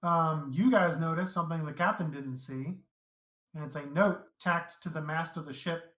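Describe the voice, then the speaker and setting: A man narrating a tabletop game as dungeon master, easygoing and halting, with many fillers. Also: a little high, a bit bright, echoey room, low-quality recording.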